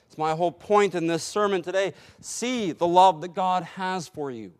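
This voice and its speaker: A man preaching a sermon in a slow, deliberate way, pausing for emphasis. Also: sits high, smooth. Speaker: pastor.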